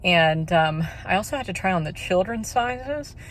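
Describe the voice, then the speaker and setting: A woman's voice: lowish voice, lively intonation, normal speed, a little hiss or hum, low-quality recording. A young woman talking casually to camera in a vlog, full of "like" and "you know". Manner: chatty, peppered with "like" and "you know". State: out of breath after walking uphill. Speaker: vlogger.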